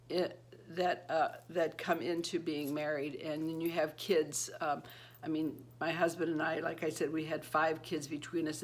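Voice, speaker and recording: A woman's voice: deep voice, a bit bright. A retired woman in her fifties chats to camera about married life. She rambles from one thought to the next, laughs often, and acts out the voices of people she quotes. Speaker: beauty vlogger. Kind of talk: casual chat to camera.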